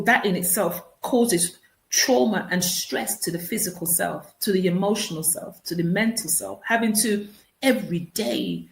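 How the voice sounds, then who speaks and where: A woman speaking as an author and consultant in an interview, explaining things earnestly and often repeating words as she starts a thought again. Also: lowish voice. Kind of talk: radio interview answers. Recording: roomy echo.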